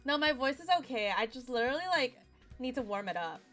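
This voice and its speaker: A young woman streaming a game, chatty and excitable, with a voice still rough from a nap. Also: sits high, quick pace, faint music behind. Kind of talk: casual game commentary.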